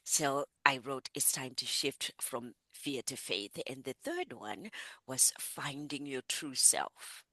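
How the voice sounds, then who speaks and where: A woman's voice: rumbling low, sing-song, takes it slowly, pushed and bright, no room sound. A middle-aged woman from Zimbabwe, a psychotherapist and author, talking earnestly and reflectively as an interview guest, often restarting her sentences. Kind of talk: conversational interview.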